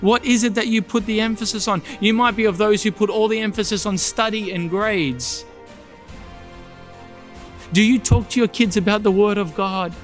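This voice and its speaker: A man's voice: sits high, moderate pace, faint music behind. A man preaching a sermon in church, earnest, repeating his points and asking the congregation pointed questions. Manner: earnest, rhetorical questions, emphatic repetition. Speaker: pastor.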